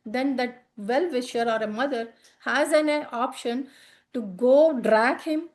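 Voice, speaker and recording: A woman's voice: high voice, measured pace, darkish tone. A woman teaching a healing session, explaining earnestly and often repeating and rephrasing herself as she goes. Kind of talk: explaining during a live session.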